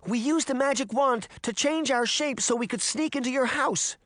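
A man's voice: very high-pitched, normal speed, a bit bright, dry recording, studio quality, voice pushed up. A man voicing a frightened little girl in an audiobook, crying as she speaks. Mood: tearful. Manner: crying and sobbing. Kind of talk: audiobook character reading.

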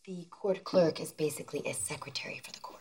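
A woman's voice: medium pitch, measured pace, a crowd in the background, close to an everyday voice. An actress playing a wisecracking young mother who works as a waitress, with dry sarcasm. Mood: sarcastic. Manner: sarcastic, deadpan. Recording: noisy sitcom broadcast audio.

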